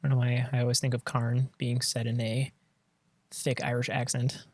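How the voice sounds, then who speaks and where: A man's voice: medium pitch, monotone, moderate pace, darkish tone, no echo. Man streaming a card game; chatty play-by-play that trails off, mid-range voice, dry close mic. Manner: thinking aloud, trailing off and restarting. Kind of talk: casual gameplay commentary.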